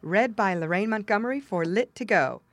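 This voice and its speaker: A woman narrating a fable in a clear, expressive reading voice. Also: mid-range voice, moderate pace, dry recording. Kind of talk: scripted storybook narration.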